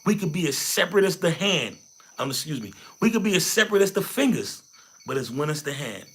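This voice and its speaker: A man hosts a hyped livestream from Haiti, pumping up his viewers and hammering each point home with repetition. His voice sits fairly high, and he talks like a preacher working the room. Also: big pitch swings, brisk, a bit bright, breathy edge. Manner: preachy, repeats phrases, rallies viewers. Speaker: livestream host. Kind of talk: hyped motivational livestream chat.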